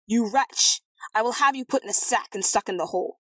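A woman voicing a hot-tempered, blustering old king in a storybook reading, with loud huffy outbursts. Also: mid-range voice, quick pace, no room sound, lightly acted. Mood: angry.

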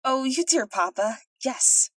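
A woman's voice: mid-range voice, expressive, brisk, no echo, lightly acted, low-quality recording. Woman doing a giddy, silly young princess. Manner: bubbly and teasing.

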